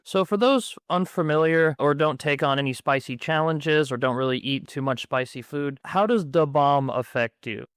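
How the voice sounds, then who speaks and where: Male interviewer, smooth and clear, measured questions, dry room. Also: fairly high pitch, a bit bright, dry recording. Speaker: podcast host. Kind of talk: interview hosting.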